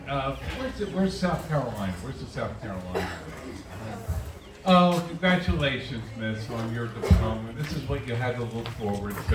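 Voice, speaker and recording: A man in his sixties doing a self-deprecating stand-up comedy set for a live audience at a winery. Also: medium pitch. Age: 60s. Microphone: camera on a tripod at the back of the room. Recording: echoey room, distant camera mic, audience noise.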